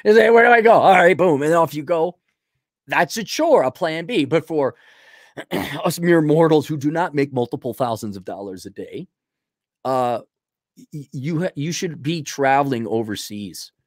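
A man's voice: medium pitch, expressive, moderate pace, dry recording, clean studio sound. A man giving a blunt, rambling, opinionated monologue in casual chat, acting out little dialogues with himself.

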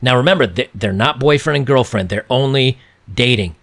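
Reaction host, male, gravelly voice, sarcastic and casual. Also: medium pitch, moderate pace, a bit bright. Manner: sarcastic and mocking. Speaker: reaction video commentator. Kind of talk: casual commentary.

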